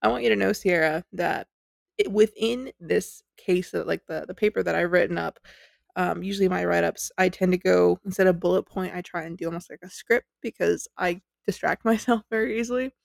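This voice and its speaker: A woman hosts a podcast in a chatty, giggly way, poking fun at herself as she tells the story. Her voice sits a little low and carries a gravelly fry. It is recorded close and dry, with no room sound. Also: fairly quick, no room sound. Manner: chatty, giggly, self-deprecating. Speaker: podcast host.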